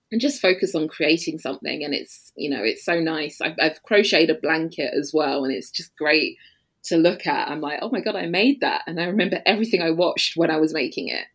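Low-voiced chatty London woman. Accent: London English. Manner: chatty, laughs often, many fillers. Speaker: podcast guest. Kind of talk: casual interview chat.

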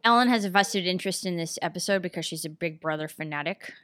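A woman hosting a comedic interview, teasing her guest in a deadpan, roasting way. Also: on the low side, fast talker. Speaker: interviewer host.

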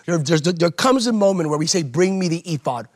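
A man's voice: fairly high pitch, lively intonation, a little fast. A man, a pastor, preaching in an impassioned sermon style within a conversation, driving points home with emphatic repetition. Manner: emphatic, repeats phrases for rhetorical effect.

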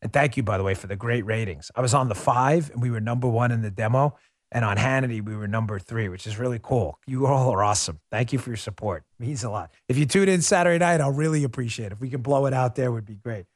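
A middle-aged man hosting a political talk show, delivering a casual, sarcastic commentary monologue with lots of quick asides. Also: medium pitch, no room sound, studio quality. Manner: animated, sarcastic, rapid asides.

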